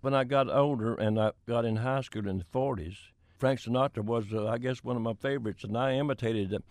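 A man's voice: mid-range voice, fairly quick, darkish tone, no room sound, clean studio sound. An older man from Florida, telling folksy stories from his career in an interview. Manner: folksy anecdotal storytelling with chuckles. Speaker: country singer-songwriter guest. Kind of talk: storytelling in an interview.

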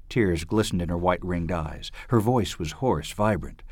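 A man reading a novel aloud in a dramatic, expressive narrating manner. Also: low voice, normal speed, no room sound, studio quality. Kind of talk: audiobook reading.

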